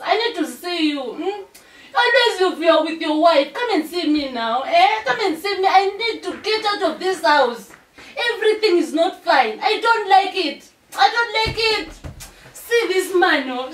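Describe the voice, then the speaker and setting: A woman's voice: extremely high pitch, a bit bright, full character voice. A Zimbabwean woman playing a whiny, demanding pregnant young mistress in a comedy skit, giggling between her complaints. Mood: pleading. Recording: roomy, distant from mic.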